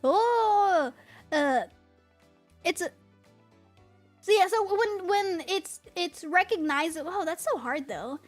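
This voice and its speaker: High-voiced giggly streamer woman. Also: takes it slowly, long pauses, faint music behind. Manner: excitable, giggly, rambling with many restarts. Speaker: VTuber streamer. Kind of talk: casual chat with viewers.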